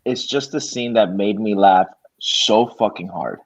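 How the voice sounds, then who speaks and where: A man's voice: lowish voice, unhurried, slightly rough. A man co-hosting a movie podcast, telling stories casually and animatedly, swearing freely. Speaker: podcast co-host. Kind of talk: casual chat. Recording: slightly dull lo-fi audio.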